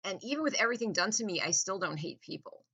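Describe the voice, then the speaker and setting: A woman's voice: mid-range voice, lively intonation, fast, bright, forceful tone, breathy edge. A woman delivering a rambling, contemptuous monologue to camera, repeating herself and trailing off mid-thought. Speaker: vlogger. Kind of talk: ranting monologue.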